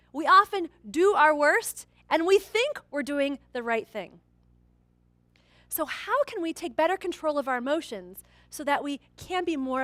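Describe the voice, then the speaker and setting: A woman's voice: high voice, dry recording. A woman giving a keynote training talk, telling a story and acting out the people in it. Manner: animated storyteller acting out quoted characters. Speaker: corporate trainer and keynote speaker.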